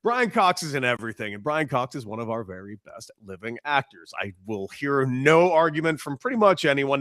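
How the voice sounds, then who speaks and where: A man co-hosting a sports talk show in a casual, excitable way, quick to laugh. His voice sits a little high for a man, and the sound is close and dry with no room around it. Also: no echo. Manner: laughs easily, excitable, reads out posts.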